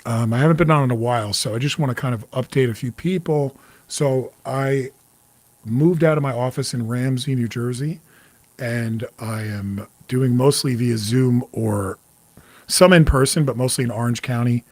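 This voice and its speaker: This New York–area man in his forties speaks at medium pitch and normal speed, with no room sound. Hosting a relaxed psychic-medium livestream, he's candid, swears a lot, and says hi to viewers by name.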